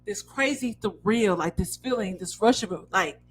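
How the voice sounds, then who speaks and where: A woman's voice: mid-range voice, measured pace, breathy edge, poor audio. A young woman chatting candidly on a podcast, blunt and full of fillers as she stretches her stories out. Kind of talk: casual chat.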